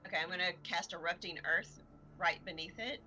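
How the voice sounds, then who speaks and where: A woman's voice: lowish voice, brisk, bright, forceful tone, muffled recording, a little hiss or hum. A woman playing a tabletop game, hesitant and full of fillers, often laughing at herself. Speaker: player.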